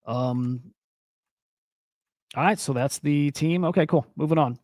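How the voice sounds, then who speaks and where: A man's voice: a little high, measured pace, darkish tone, no echo, clean studio sound. A young man hosting a casual crypto news stream, talking in a loose, rambling and profane way and getting worked up as he goes. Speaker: crypto and NFT news host. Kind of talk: casual live-stream commentary.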